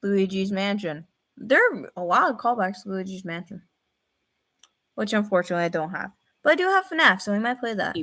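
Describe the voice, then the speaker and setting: Lively excitable young woman reacting. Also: mid-range voice, brisk. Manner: excitable, thinks aloud with fillers and repeats. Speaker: reaction video host. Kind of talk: casual reaction commentary.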